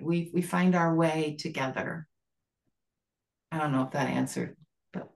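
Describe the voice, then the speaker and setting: Low-voiced woman sharing at a recovery meeting. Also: a little slow, creaky. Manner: rambling, earnest, many fillers. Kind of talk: sharing at a support group call.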